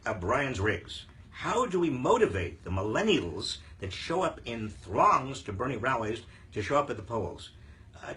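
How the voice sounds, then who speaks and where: A man's voice: medium pitch, bright, forceful tone. An older man hosting a live viewer Q&A on politics, talking emphatically with frequent fillers and restarts. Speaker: host answering viewer questions.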